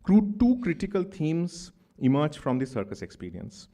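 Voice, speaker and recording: A man's voice: a little high, sing-song, moderate pace, warm tone. A man in his thirties with a Bengali accent, giving an academic conference talk in a thoughtful, discursive way with many asides. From India. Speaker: conference speaker. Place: conference hall.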